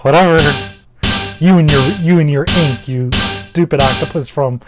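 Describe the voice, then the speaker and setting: A man's voice: a little high, moderate pace, loud music behind the voice. A man giving casual, rambling gameplay commentary, full of fillers, restarts and the odd swear word. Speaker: gaming commentator.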